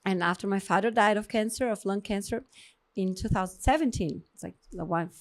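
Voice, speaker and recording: Effusive woman host with a Brazilian accent. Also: medium pitch. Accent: Brazilian Portuguese. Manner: effusive, emotional, quick switches between English and Portuguese. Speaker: podcast host, endocrinologist. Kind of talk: casual podcast interview.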